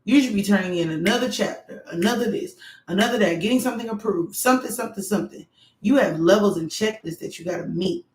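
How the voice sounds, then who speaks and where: A woman giving frank, animated advice straight to her viewers in a candid monologue. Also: mid-range voice. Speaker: doctoral student vlogger. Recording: echoey room.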